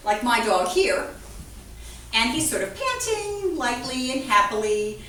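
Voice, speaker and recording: High woman vet, lively with kids; distant mic, echoey room. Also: unhurried. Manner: animated, playful, asks children questions. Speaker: veterinarian giving a school talk. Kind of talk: lively classroom talk to children. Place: classroom. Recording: echoey room from far off, faint noise.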